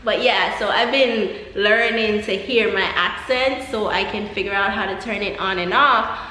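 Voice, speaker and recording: A woman's voice: medium pitch, moderate pace, sharp tone. A young woman with a Jamaican accent chatting casually as a vlogger, laughing often and rambling through asides. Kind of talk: casual chat. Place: empty apartment. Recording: echoey empty room.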